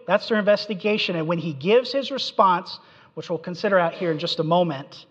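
High-voiced preacher in an echoing hall. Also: male voice, brisk. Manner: animated storytelling with acted-out quotes. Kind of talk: expository sermon. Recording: dull recording in a reverberant hall.

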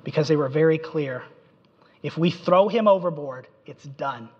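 A man's voice: on the high side, normal speed, slightly rough. A man preaching a sermon, telling the story with animation and acting out the quotes, in a dull recording in a reverberant hall. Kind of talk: expository sermon.

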